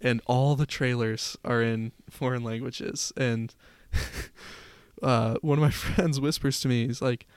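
Smooth-voiced young man telling stories. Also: medium pitch, fairly even intonation, takes it slowly, dry recording. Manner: laughs through his stories, playful. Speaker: podcast co-host. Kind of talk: casual storytelling chat.

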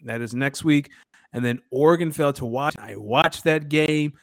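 Relaxed man in a dry room. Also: a little high, moderate pace, creaky, no room sound. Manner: relaxed, runs down scores with fillers. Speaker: podcast co-host. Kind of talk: casual sports chat.

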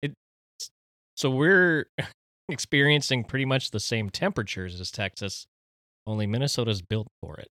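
A man's voice: mid-range voice, normal speed, long pauses, pushed and bright, no echo, clean studio sound. A man co-hosting a podcast in casual banter, easygoing and reminiscing, laughing often. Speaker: podcast co-host.

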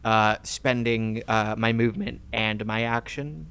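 Man, tabletop player, slow unhurried speech, mid pitch. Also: creaky, fairly bright tone, clear, resonant tone. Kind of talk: casual tabletop play.

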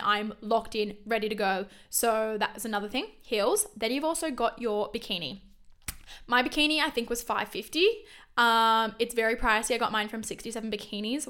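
A young woman, in her early twenties, talks through a solo podcast episode. Her voice sits a little high, and she rattles along quickly, full of fillers and quick self-corrections. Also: a bit bright. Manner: chatty and fast, with frequent self-corrections and fillers. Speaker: podcast host. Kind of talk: casual solo podcast monologue.

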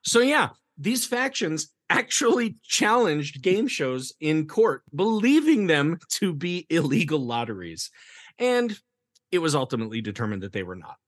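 A man's voice: a little high, very animated, measured pace, no room sound, clean studio sound. A man hosting a theater history podcast, chatting casually, laughing often and reading quotes aloud. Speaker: podcast host. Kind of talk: casual chat.

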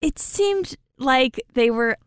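A woman's voice: high-pitched, lively intonation, slow, smooth, no room sound, studio quality. A woman co-hosting a casual recap podcast, chatty and enthusiastic with frequent laughs. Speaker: podcast co-host.

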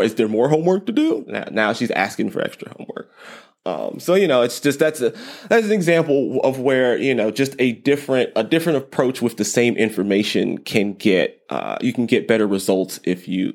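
Podcast host, a man in his thirties, low and gravelly, rambles through parenting advice with self-deprecating jokes. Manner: rambling, repeats words, light self-deprecating humor. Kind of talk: casual parenting advice monologue.

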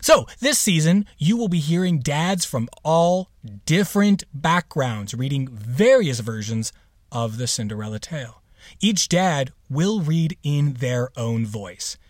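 A man's voice: a little high, lively intonation, a little slow, dry recording, clean studio sound. A man hosting a podcast, introducing the episode in a casual, playful way with sarcastic asides. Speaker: podcast host.

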